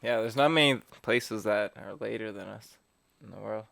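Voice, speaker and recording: A man's voice: on the low side, normal speed, gravelly, fairly bright tone, dry recording. Easygoing young man, casual chat. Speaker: podcast co-host. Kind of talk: casual chat among friends.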